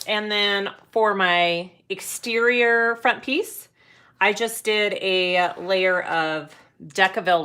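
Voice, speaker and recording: A woman's voice: on the low side, bright, forceful tone. A woman hosting a live sewing demonstration, chatty as she explains each step and greets viewers. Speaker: sewing tutorial host.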